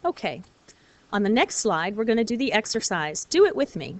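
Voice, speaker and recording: A woman teaching a recorded lesson, explaining clearly and patiently, step by step. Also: medium pitch, sing-song, moderate pace, no echo. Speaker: French teacher.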